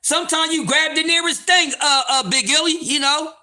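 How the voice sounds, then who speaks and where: A man hosting a livestream, telling a story in a loud, profane, laughing, casual way. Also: very high voice, fairly even intonation, normal speed. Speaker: livestream host.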